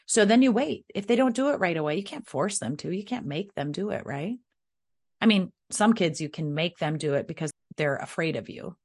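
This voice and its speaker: Woman, Midwestern US accent, parenting podcast host, low-pitched, conversational coaching. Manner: conversational, coaching, rhetorical questions. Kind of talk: podcast advice talk.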